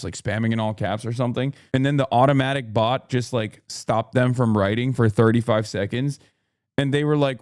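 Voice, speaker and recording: Male streamer, 30s, mid-pitched, blunt and profane casual rant to his chat, dry close mic. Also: darkish tone, no echo.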